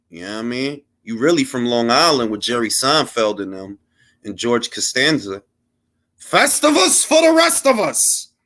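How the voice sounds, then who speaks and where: A man's voice: mid-range voice, a bit bright. A man hosting a live boxing talk stream, ranting in a heated, profane, mocking way, with street slang and bits of Spanish. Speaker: boxing livestream host. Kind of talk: casual livestream rant.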